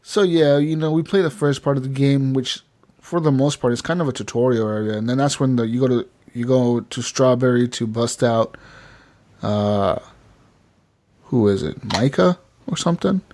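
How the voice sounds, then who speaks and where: A man casually chatting on a podcast, telling stories with lots of swearing and acting out characters in shouted voices. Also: normal speed. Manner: animated storytelling, acts out characters with high shouts and swearing. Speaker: podcast co-host. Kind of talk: casual chat.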